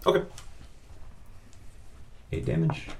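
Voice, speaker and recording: A man's voice: takes it slowly, darkish tone. A man narrating as dungeon master in a loose, casual way, full of filler words. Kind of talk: narrating a tabletop game.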